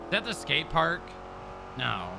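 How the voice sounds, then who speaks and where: A man's voice: fairly high pitch, very animated, a little slow, vocal fry, noisy background. A man streaming in-character role-play chat, joking and swearing casually. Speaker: streamer playing an agent.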